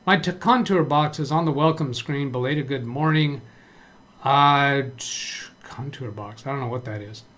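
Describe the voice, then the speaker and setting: A man hosts a live computer tutorial from a home desk with several monitors. He thinks aloud, reads out chat messages and often restarts his sentences. His voice sits at an ordinary middle pitch. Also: a little slow, a bit bright. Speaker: live stream tech trainer. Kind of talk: casual live-stream tutorial.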